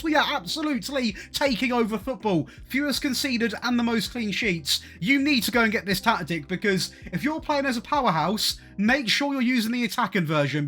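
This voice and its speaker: Upbeat high-voiced man. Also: a bit bright. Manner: upbeat, enthusiastic, chatty. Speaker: gaming YouTuber. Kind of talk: video game tactics commentary.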